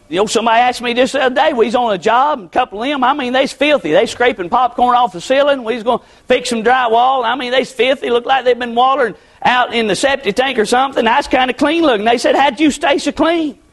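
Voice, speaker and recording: Middle-aged preacher man, unusually high-pitched, impassioned, hushed-to-shouting delivery. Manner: impassioned, swings between shouting and hushed pleading. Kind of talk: sermon.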